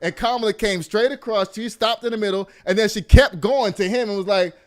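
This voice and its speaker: A man from Texas hosts a loose commentary show. His voice sits high and comes across smooth and clean. He talks in an animated, mocking way, swearing freely and laughing often. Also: fairly quick. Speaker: host. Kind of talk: casual commentary.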